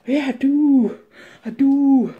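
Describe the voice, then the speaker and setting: A woman's voice: sits high, slow, lo-fi sound, pitched above the performer's own voice. A woman putting on a cheerful, chatty bearded male reseller for a comic vlog skit, recorded on a mobile phone. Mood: jolly. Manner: chatty, jolly, addresses viewers.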